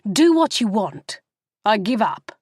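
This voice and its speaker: A woman's voice: mid-range voice, very animated, takes it slowly, darkish tone, no echo, clean studio sound. A woman voicing a weary husband who speaks in short, curt lines. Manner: curt, fed-up.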